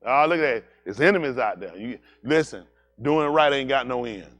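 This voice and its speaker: A man preaching, telling animated, jokey stories and slipping into high-pitched voices for characters. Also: moderate pace. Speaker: pastor. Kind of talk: comedic storytelling sermon.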